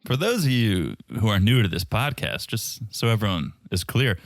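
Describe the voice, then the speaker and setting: A man's voice: fairly low pitch, animated, moderate pace, dry recording, clean studio sound. A man co-hosting a casual podcast, joking and teasing with lots of laughter. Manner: jokey, teasing, laughs often. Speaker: podcast co-host.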